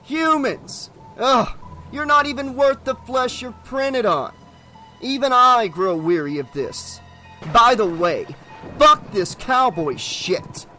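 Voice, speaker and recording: Man voicing a cruel demonic salesman, mocking, shouting, audiobook horror, faint music behind. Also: extremely high pitch, animated, slow, voice pushed up, exaggerated voice. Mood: contemptuous. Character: sneering demonic male salesman, taunting and cruel.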